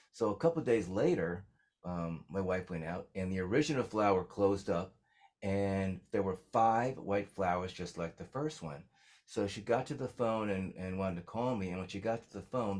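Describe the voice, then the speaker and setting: A man's voice: sits low, darkish tone. A man telling stories as a songwriter guest in a casual interview, rambling with lots of fillers.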